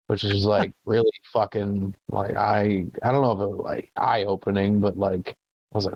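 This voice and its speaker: A man's voice: lowish voice, level tone, normal speed, no echo, lo-fi sound. A man co-hosting a casual comedy podcast, swearing freely and laughing often. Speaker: podcast co-host.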